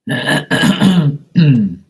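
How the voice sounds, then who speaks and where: Profane husky man ranting. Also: on the high side, sing-song, extremely slow, poor audio. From Bermuda. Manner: blunt, profane, mocking. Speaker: livestream host. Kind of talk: casual rant to viewers.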